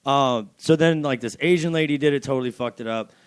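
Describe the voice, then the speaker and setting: A man's voice: mid-range voice, a little fast, clear, resonant tone, dry recording. A man co-hosting a podcast in casual chat, loose and profane, laughing often. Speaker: podcast co-host.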